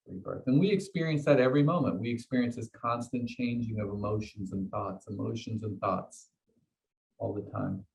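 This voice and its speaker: A man's voice: medium pitch, rough recording. A man leading a meditation class, explaining ideas to his students in a conversational way and often checking in with "okay?" and "right?". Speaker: meditation teacher.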